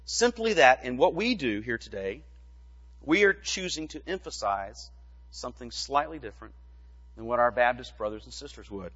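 A male pastor giving a measured teaching sermon, asking rhetorical questions as he explains. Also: fairly high pitch, a bit bright, husky, long reverb tail, muffled recording.

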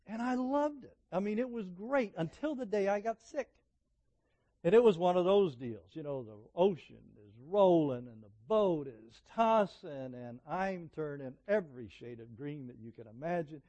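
A middle-aged man preaches a sermon built on personal stories, speaking conversationally and swinging between emphatic peaks and quiet asides. His voice is high-pitched, with lively intonation and a moderate pace.

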